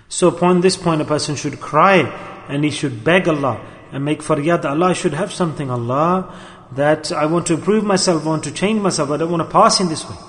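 A man's voice: high voice, fairly bright tone. Stern older male preacher, echoey hall. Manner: stern, admonishing, repetitive emphasis. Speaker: Sufi teacher. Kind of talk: sermon.

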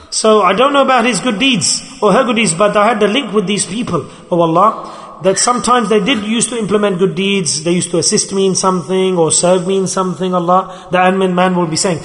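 A man preaches a sermon emphatically and repetitively, acting out pleading voices. His voice sits high with a fairly bright tone, and the recording carries hall reverb.

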